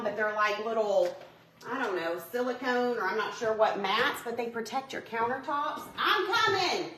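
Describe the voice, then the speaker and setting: A woman's voice: fairly high pitch, pushed and bright, slight background noise. A young woman, chatting bubbly and friendly with viewers while cooking live in her home kitchen. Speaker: home cooking livestream host. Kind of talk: casual live cooking chat.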